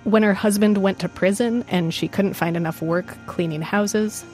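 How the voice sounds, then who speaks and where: Woman reporter narrating a news story, steady, music faint underneath. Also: mid-range voice, moderate pace. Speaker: radio reporter. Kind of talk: scripted radio reporting.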